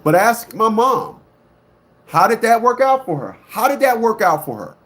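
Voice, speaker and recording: A man with a somewhat high-pitched voice delivers a ranting monologue to his online audience. He is blunt and emphatic and hammers the same words again and again. He swings between loud outbursts and low muttering. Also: sing-song, normal speed. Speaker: online commentator.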